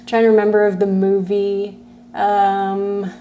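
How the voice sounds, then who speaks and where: Woman movement teacher, unhurried and chatty, giggly, faint hum behind. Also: mid-range voice, a little mellow. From California. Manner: chatty, giggly, greets viewers by name. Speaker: movement class instructor. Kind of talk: casual chat with livestream viewers.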